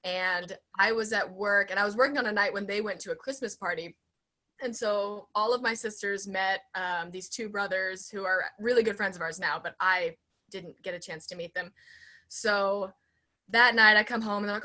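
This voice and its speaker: A young woman chatting casually as a guest, telling a story with lively acted-out quotes. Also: medium pitch, normal speed. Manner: animated storyteller, acts out quotes. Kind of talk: casual chat.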